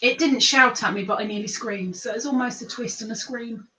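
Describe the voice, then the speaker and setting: A woman's voice: a little high, fairly quick, noisy background. A woman hosting a casual live chat, quizzing her viewers in a chatty, giggly way. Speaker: host. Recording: echoey room.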